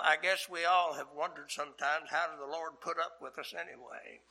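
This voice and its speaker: An older man preaching a sermon as pastor, earnest and deliberate, pausing between phrases. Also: a little high, pushed and bright, poor audio.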